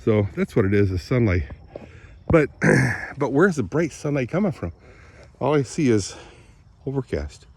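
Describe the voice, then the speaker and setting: Older man rambling, breathy, slow. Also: medium pitch, big pitch swings. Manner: rambling, keeps clearing his throat. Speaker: vlogger. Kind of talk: casual morning vlog, thinking aloud outdoors. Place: outdoors near woods.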